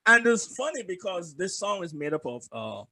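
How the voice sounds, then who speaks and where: Lively, bright-voiced man joking around. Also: high-pitched, moderate pace. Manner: loose, joking, swears freely, laughs often. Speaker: podcast co-host. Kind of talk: casual chat.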